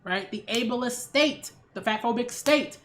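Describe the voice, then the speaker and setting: A woman's voice: on the high side, measured pace, fairly bright tone. A woman hosting her own channel, giving a casual opinion rant with emphatic, sarcastic delivery and frequent rhetorical "right?" check-ins. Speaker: culture critic and channel host.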